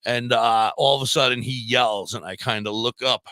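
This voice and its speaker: A man on a podcast spins a story in a casual, lively way, slipping into the voices of the people he describes. His voice is bright and forward. The sound is dry and close, with no room around it. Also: mid-range voice, moderate pace, dry recording. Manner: animated storyteller who acts out quoted voices. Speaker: podcast guest; volunteer fire police.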